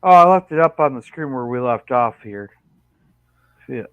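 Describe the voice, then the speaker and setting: A man's voice: mid-range voice, expressive, normal speed, fairly bright tone, clear, resonant tone, no echo. Laid-back man on a dull lo-fi mic. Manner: laid-back, lists plans with fillers. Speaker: guest streamer, chat helper. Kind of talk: casual livestream chat. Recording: dull lo-fi microphone.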